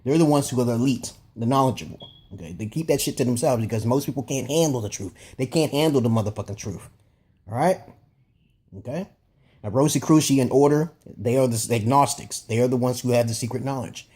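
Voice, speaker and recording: A man's voice: medium pitch, fairly quick, dark tone, breathy edge. A man giving a rambling, profane opinion monologue as a vlogger, emphatic and often checking "okay?" with his listeners. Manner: repeats and restarts phrases.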